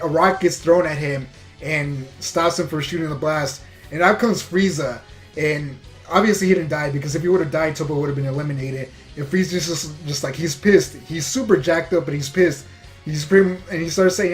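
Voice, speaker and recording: A man giving a casual, rambling recap of an anime episode, full of fillers and restarts. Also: fairly high pitch. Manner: rambling, filler-heavy retelling with frequent restarts. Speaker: anime reviewer.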